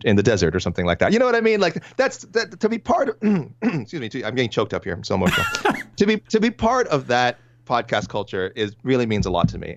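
Fast-talking man with a low voice. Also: dry recording. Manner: rapid, stumbling, repeats words, playful. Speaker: podcast co-host. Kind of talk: casual podcast chat. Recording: dry, dull lo-fi sound.

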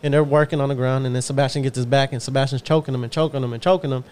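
A man's voice: mid-range voice, fairly even intonation, very fast, a little mellow, clear, resonant tone. A man with a Texan accent telling a long story in a casual podcast chat, acting out quotes and swearing freely. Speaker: podcast co-host. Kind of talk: casual storytelling among friends.

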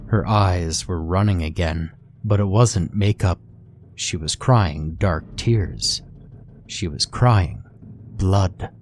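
Brief: male horror-story narrator; slow, measured delivery, somewhat low voice. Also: darkish tone, slight background noise.

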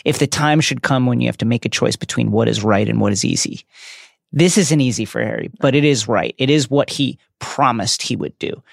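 A man's voice: mid-range voice, fairly quick, vocal fry, no echo, clean studio sound. A man co-hosting a book discussion podcast, who reads passages aloud and adds emphatic asides. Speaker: podcast co-host.

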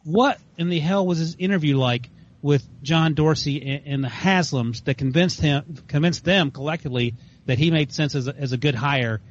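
A man's voice: fairly high pitch, normal speed. Male sports podcast host, pushes strong takes, muffled remote sound. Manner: emphatic, opinionated. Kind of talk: casual sports podcast chat. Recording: lo-fi remote audio.

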